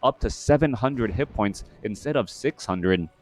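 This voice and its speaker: A man commentating a strategy video game match, giving play-by-play in a steady, measured way with occasional fillers. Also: lowish voice, faint music behind.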